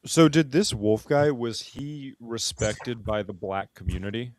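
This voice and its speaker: A man's voice: medium pitch, measured pace, a little mellow, no room sound. A man co-hosting a podcast, speaking bluntly and emphatically in casual chat.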